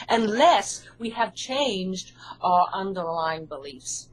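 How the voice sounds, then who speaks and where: A woman's voice: medium pitch, lively intonation, extremely slow, slightly rough, low-quality recording. A woman with an English accent, a hypnotherapist answering interview questions in an earnest, reassuring way. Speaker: hypnotherapist and author.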